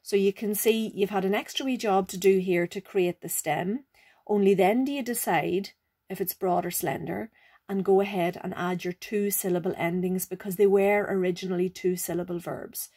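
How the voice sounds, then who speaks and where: A woman's voice: medium pitch, steady tone, normal speed, warm tone, husky. A woman teaching a recorded grammar lesson, explaining step by step and checking in with the learners as she goes. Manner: patient, explanatory, checks in with frequent "okay?". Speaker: Irish language teacher.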